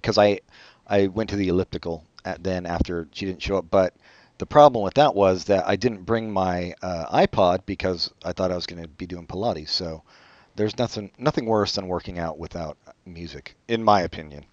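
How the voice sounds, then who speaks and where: Low, deadpan sarcastic man. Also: normal speed, dry recording, dull audio. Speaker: podcast co-host. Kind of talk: casual chat.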